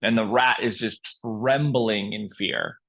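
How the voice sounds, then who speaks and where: Slow, calm male yoga teacher. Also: fairly low pitch. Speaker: yoga instructor. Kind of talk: guided yoga class with storytelling.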